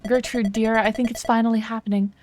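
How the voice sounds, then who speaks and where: A woman's voice: a little high, level tone, fast, darkish tone, slight background noise, pitched above the performer's own voice, lightly acted. A woman voicing a prim, pious village woman gossiping to a friend. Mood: smug.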